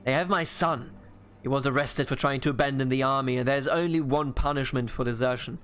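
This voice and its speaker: A man's voice: mid-range voice, steady tone, fairly bright tone, clean tone, soft background music, natural voice. A man reading as a remorseful drunkard father. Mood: pleading. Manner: pleading, halting, read from game text. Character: remorseful middle-aged drunkard father on trial.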